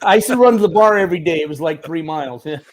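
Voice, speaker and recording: Higher-voiced man with crude banter. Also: expressive, racing. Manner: crude joking banter, laughs a lot. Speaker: military advisor guest. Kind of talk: casual teasing chat.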